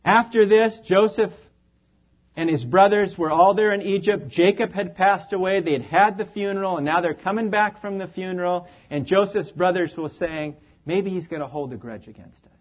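A man with a high, light voice preaches a sermon at a moderate pace, speaking earnestly and with emphasis as his phrases soften and trail off at the ends. The sound is a little dull and lo-fi.

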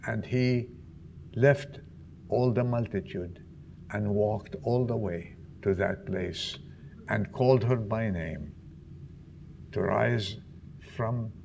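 A man preaching a sermon, swinging between loud questions to the congregation and hushed, almost whispered lines. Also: lowish voice, slow, creaky, pauses often, a little hiss or hum.

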